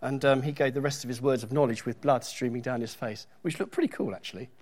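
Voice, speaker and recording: A man's voice: medium pitch, fast talker, darkish tone. A middle-aged man preaching a sermon in a church, talking conversationally with joking asides and reading scripture aloud with emphasis.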